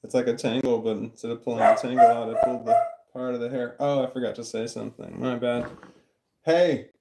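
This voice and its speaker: At home indoors, a YouTuber chats with his live chat, holding his phone at arm's length while he rambles and jokes at his own expense. His medium-pitched voice is level, fast, and gravelly, and the audio is very noisy with a dog barking.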